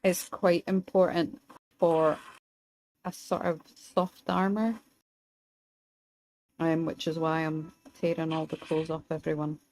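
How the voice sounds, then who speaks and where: A young Scottish woman streaming a game, chatting wryly with her viewers and pausing mid-thought. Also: low voice, flat delivery, a little mellow, low-quality recording. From Scotland. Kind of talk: casual gameplay commentary, chatting with viewers.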